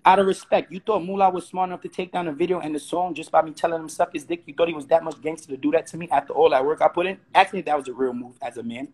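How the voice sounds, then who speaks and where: A man from Brooklyn, ranting heatedly on a live stream. His voice is husky and sits high for a man, and he talks fast, repeating rhetorical questions again and again. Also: fairly even intonation. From Brooklyn, New York. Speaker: host. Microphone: phone or webcam on a live stream.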